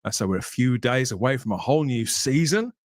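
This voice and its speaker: A man's voice: medium pitch, lively intonation, brisk, dry recording. A man from Birmingham, England, hosting a casual podcast livestream in a jokey, chatty way, often laughing. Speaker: host.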